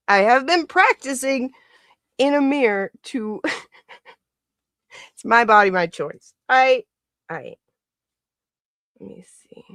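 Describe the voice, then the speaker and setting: A woman's voice: mid-range voice, fairly bright tone, no echo, studio quality. A woman hosting a casual livestream, chatting and laughing often as she greets viewers by name. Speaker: livestream host.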